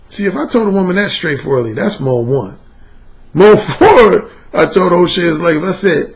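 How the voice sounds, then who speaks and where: A man's voice: sits high, sing-song, unhurried. A man and dating coach delivering a casual vlog monologue, emphatic, profane and repetitive as he hammers his points home.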